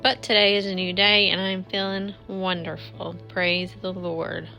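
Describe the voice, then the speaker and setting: A woman's voice: on the low side, little pitch movement, unhurried, vocal fry, sharp tone. A woman, chatting casually to viewers while cleaning her home kitchen. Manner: chatty, addresses viewers as y'all. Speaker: cleaning vlogger. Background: faint music.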